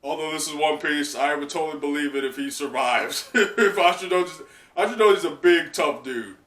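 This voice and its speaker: A man hosting a casual live reaction, excitable and laughing often, with plenty of fillers and swearing. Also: fairly high pitch, fairly quick. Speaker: channel host. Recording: echoey room, mic at a distance.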